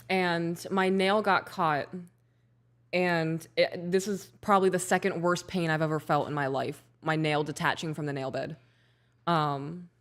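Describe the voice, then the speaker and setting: A woman hosting her show, chatting casually with viewers as she bakes in a home kitchen, in a chatty, self-deprecating way. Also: on the low side. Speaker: show host. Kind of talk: casual chat while baking on camera.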